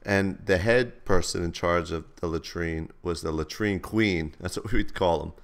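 Man, very low voice, smooth and clear, laid-back gaming storyteller, slangy. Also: unhurried. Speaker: gaming channel host. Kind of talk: casual storytelling over gameplay.

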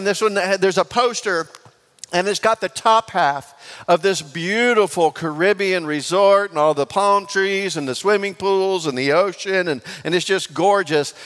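A man, preaching a lively sermon full of jokes and questions to the congregation in a large church. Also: sits high, moderate pace. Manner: lively and joking, asks the congregation for responses. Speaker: pastor. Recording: long church reverb.

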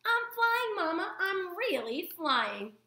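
A squeaky young gosling bursts out, proud and eager, his high voice leaping around in an echoey room, as a woman puts him on. He sounds thrilled with everything he tries. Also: very animated, moderate pace, sharp tone, exaggerated voice. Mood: gleeful. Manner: squeaky, gleeful.

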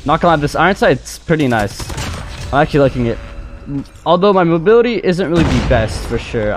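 A young man giving live commentary over his own gameplay, excitable, jumping between loud outbursts and muttered callouts. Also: mid-range voice, background noise. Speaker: gaming YouTuber. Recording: music playing under gunfire.

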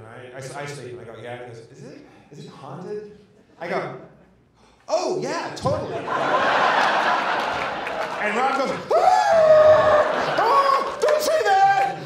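A man's voice: medium pitch, slight background noise. A man co-hosting a live comedy show, telling a long profane story and acting out the voices in it. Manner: profane, animated, acts out voices in his story. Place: live show in a large echoey venue. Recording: echoey venue audio, distant mic.

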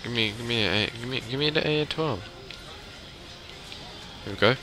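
A man giving excitable gaming commentary, swearing and yelling his reactions as he plays. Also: mid-range voice, normal speed. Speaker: let's play host.

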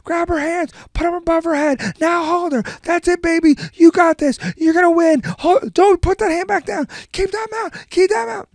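A man putting on a shrill screaming sports dad. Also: steady tone, brisk, few pauses, no room sound, studio quality. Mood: yelling. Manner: shrill yelling coaching from the sidelines.

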